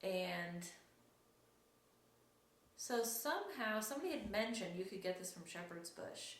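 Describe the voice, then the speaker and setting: A woman's voice: mid-range voice, big pitch swings, unhurried. A young woman hosting a cross-stitch vlog, chatting casually and rambling, often correcting herself. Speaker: flosstube host. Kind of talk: casual show-and-tell vlog. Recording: echoey room with faint noise.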